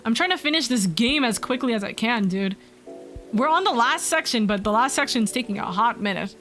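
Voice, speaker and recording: Woman streamer, slightly hoarse, chatty, reads game lines aloud, faint music behind. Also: on the high side, lively intonation, fairly quick, fairly bright tone. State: slightly hoarse, losing her voice. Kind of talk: live gameplay commentary, reading dialogue aloud.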